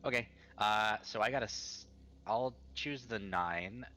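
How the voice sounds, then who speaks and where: A man's voice: fairly low pitch, a little slow, pushed and bright, slight background noise. A man playing a tabletop game, talking hesitantly with many fillers. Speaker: player.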